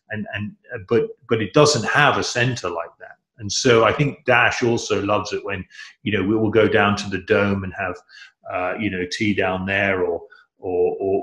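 Man, middle-aged, lowish voice, enthusiastic, rambling, echoey room. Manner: enthusiastic, rambling, many restarts. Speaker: guest. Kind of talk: casual conversation.

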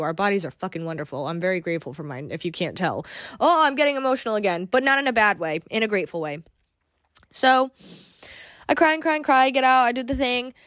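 A woman speaking alone on her podcast, open and confessional as she works through recent feelings, cursing freely. Her voice sits at an ordinary pitch and the recording is close and dry, with no room sound around her. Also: a bit bright, dry recording. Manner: emotional, confessional, swearing casually. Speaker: podcast host. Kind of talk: personal monologue podcast.

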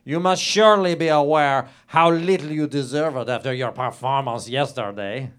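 A man's voice: moderate pace, a bit bright, smooth, natural voice. A man voicing a lecherous, pompous French nobleman with a put-on French accent and broken English, reading aloud theatrically. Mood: dramatic reading. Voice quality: broken English, florid and lip-smacking. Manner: reads aloud theatrically, switching to a high pleading voice for the victim. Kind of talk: improvised comedy podcast character.

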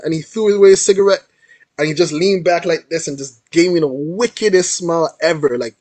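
A man's voice: on the high side, a little fast, no echo. A young man, a guest artist, telling a story in a casual, slangy interview style. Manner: animated storyteller, slangy with frequent "yo" and "like".

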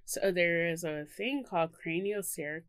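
A woman's voice: lowish voice, moderate pace. A woman co-hosting a podcast in casual chat, laughing often and filling her speech with ums and likes. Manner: chatty, laughs often, many fillers. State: hiccups. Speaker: podcast co-host.

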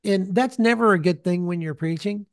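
Male preacher-host with a fairly high voice, telling a story and acting out the people in it. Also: moderate pace. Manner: animated storyteller who acts out the people he quotes. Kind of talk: storytelling in conversation.

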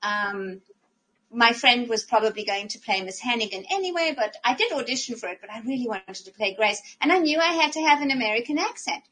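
A middle-aged woman, telling stories as a podcast guest in casual chat, animated and laughing. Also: on the high side, a little fast.

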